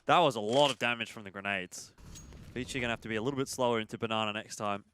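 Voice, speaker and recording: A man's voice: medium pitch, fast, fairly bright tone, slight background noise. A man doing chatty, analytical commentary on an esports match. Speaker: esports caster. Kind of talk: play-by-play commentary.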